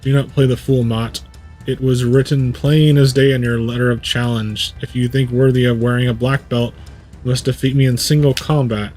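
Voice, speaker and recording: A man's voice: medium pitch, little pitch movement, normal speed, a little mellow, soft background music, lightly acted. A man reading as a grave vengeful martial-arts rival. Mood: solemn vengeful.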